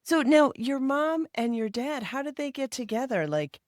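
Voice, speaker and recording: A woman's voice: sits high, expressive, moderate pace, dry recording, studio quality. A woman hosting a casual podcast interview, encouraging her guest and laughing readily. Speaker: podcast host.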